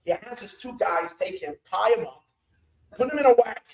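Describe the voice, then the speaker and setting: A rabbi telling a story at an evening gathering, animated and repetitive, slipping in Yiddish words. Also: male voice, high-pitched, normal speed, gravelly, roomy sound, poor audio.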